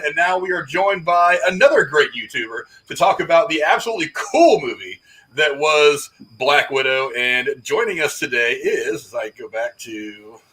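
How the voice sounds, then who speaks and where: Bright-voiced man hosting a rambling live stream. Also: mid-range voice, low-quality recording. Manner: energetic, rambling, laughs at own slip-ups. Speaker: podcast host. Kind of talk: casual live-stream chat.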